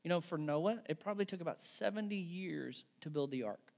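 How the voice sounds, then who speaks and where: Male pastor, slightly high, gravelly voice, casual emphatic sermon delivery. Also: lively intonation, brisk, a little mellow. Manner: conversational, emphatic, tags with "right?" and "okay".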